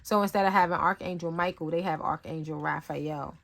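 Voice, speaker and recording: A woman's voice: low voice, a little fast, gravelly. Chatty woman giving a rambling tarot reading. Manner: rambling and conversational, many fillers; animated storytelling with acted-out asides. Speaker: tarot reader. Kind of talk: casual spiritual reading talk.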